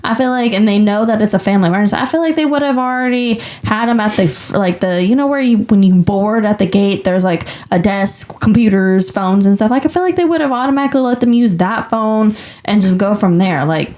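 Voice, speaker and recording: A woman's voice: medium pitch, animated, a little fast, a little mellow. A woman co-hosting a podcast, giving rambling opinions in casual chat with lots of "like" and "I feel like". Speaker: podcast co-host.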